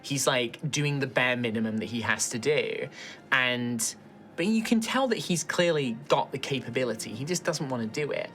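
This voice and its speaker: Chatty male game master, bright voice. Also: mid-range voice, animated, moderate pace. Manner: loose, chatty narration with many fillers. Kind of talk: narrating a tabletop game.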